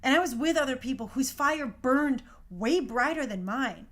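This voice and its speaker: A woman's voice: high-pitched, moderate pace. A young woman hosting a talk show, speaking in a passionate, emphatic casual monologue. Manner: impassioned, emphatic.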